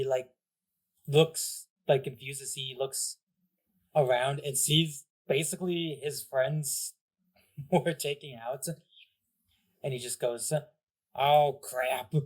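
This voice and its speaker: Man, game master, rambling narration, giggly, medium pitch. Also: steady tone, takes it slowly, long pauses. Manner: laughing, rambling with fillers.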